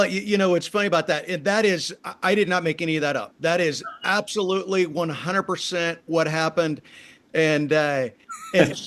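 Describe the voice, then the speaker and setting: A male pastor talking as a podcast guest, explaining things in a relaxed, rambling way. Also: fairly high pitch. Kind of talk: casual interview talk.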